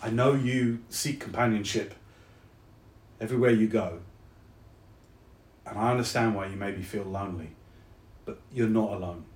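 Man doing a soft-spoken South London soldier. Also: medium pitch, moderate pace, pauses often, reverberant, natural voice. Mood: tender. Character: soldier friend, man, gruff and warm-hearted.

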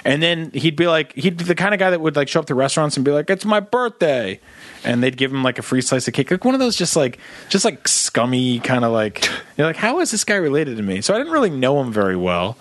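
A man's voice: medium pitch, big pitch swings, quick pace, fairly bright tone, no room sound. Man telling a rambling comic story. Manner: rambling storyteller, mimics people in quotes. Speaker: podcast co-host. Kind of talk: casual comedy chat.

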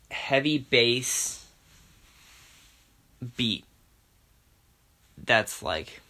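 Young man, podcast host, rambling solo talk, self-mocking, profane, bright voice. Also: mid-range voice. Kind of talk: casual solo monologue.

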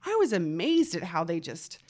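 A woman in her thirties telling a story in casual chat, animated and swearing, acting out what others said. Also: fairly low pitch, moderate pace. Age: 30s. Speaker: podcast guest.

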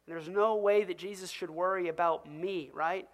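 A pastor preaching with animated, conversational energy. The voice sits at a middle pitch and keeps turning to the listeners with direct questions. Quoted voices are acted out along the way. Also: moderate pace, few pauses. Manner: asks the audience direct questions. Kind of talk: sermon.

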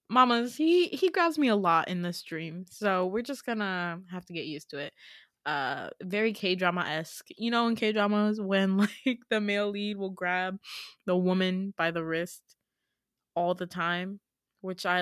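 A woman's voice: mid-range voice, fairly bright tone, no echo, clean studio sound. A young woman hosting a podcast, chatty and giggly, casually retelling a dream. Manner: giggly, chatty, lots of fillers. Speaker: podcast host. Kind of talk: casual storytelling.

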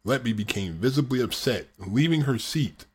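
A man's voice: mid-range voice, animated, moderate pace, husky. A man hosting a podcast, reading true-crime narration with the odd dry, sarcastic aside. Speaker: podcast host.

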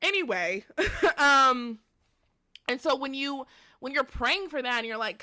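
A woman's voice: fairly high pitch, expressive, normal speed, pushed and bright, no echo, studio quality. A young woman hosting a faith podcast, talking earnestly and candidly about her life in a rambling, personal monologue from home. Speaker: podcast host. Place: at home during a storm.

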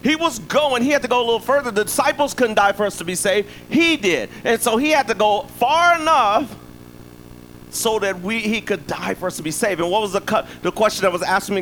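Male pastor, slightly higher voice, easygoing sermon delivery, faint ambience behind. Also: fairly quick, fairly bright tone, a little hiss or hum, poor audio. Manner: conversational preaching with frequent "right?" asides.

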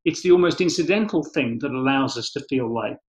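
A man speaking as a podcast guest, explaining his ideas in a thoughtful, measured way with gentle restarts. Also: mid-range voice, animated. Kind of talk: reflective conversational explanation. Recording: slightly dull lo-fi sound.

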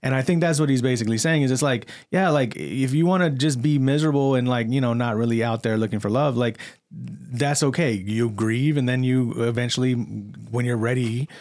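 A man's voice: medium pitch, fairly quick, darkish tone, no room sound, studio quality. A young man co-hosting a casual movie podcast, rambling with lots of fillers and restarts. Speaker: podcast co-host. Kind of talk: casual movie-review chat.

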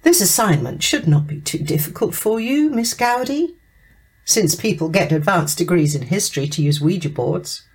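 A woman's voice: on the low side, lively intonation, normal speed, darkish tone, slightly rough. A woman reading a story aloud and voicing a stern, pushy female programme director in a firm, bossy manner. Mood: pressing.

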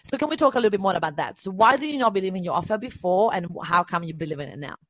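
A woman hosting a live coaching session, talking in an energetic, encouraging and emphatic way. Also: medium pitch, very fast, no room sound. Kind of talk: live-stream coaching chat.

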